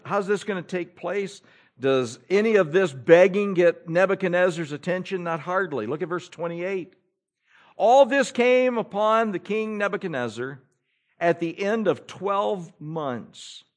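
A man preaching a sermon, moving between loud exhortation and hushed pleading, and reading scripture in an old-fashioned cadence. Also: on the high side. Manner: emphatic, rising and falling between loud exhortation and pleading hush.

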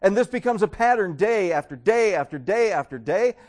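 Preaching to his congregation, a pastor with a high voice jumps up and down a wide range, his intonation lively and his tone darkish. At a moderate pace, he repeatedly acts out his points with exaggerated, mocking voices.

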